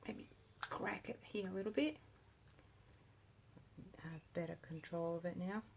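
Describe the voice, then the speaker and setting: Aussie woman mumbling along while she pours resin, chatty and trailing off, quiet indoor room with faint hiss. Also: fairly low pitch, measured pace, creaky. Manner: chatty, murmured running commentary, often trailing off. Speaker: resin artist. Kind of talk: casual narration while working. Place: indoor home art studio with a window.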